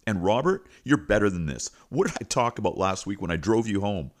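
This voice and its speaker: A man's voice: fairly low pitch, lively intonation, brisk, lightly acted. A man voicing a petite older woman principal who scolds fighting students in a stern, commanding way. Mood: scolding.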